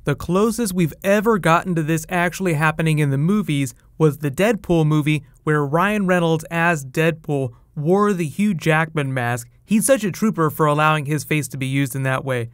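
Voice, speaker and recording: A man talks through movie news in a chatty, enthusiastic commentary, tossing in quick asides. His voice sits fairly high, and the recording is close and dry with no room sound. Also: no echo. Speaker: host.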